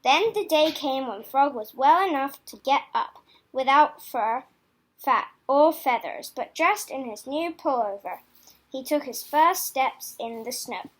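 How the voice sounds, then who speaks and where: A woman reading a children's picture book aloud in a slow, expressive way. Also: high voice. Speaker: storybook reader.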